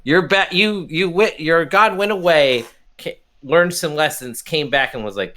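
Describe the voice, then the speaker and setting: Brief: male game master, slightly high voice, bright tone, rambling casual delivery. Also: a little slow. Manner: rambling, full of fillers and laughter. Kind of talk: casual tabletop narration.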